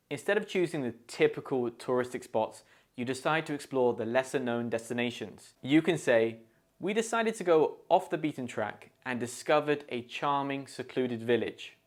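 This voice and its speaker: British man teaching English idioms. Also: medium pitch. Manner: clear, deliberate, pronunciation-focused teaching. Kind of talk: scripted idiom lesson.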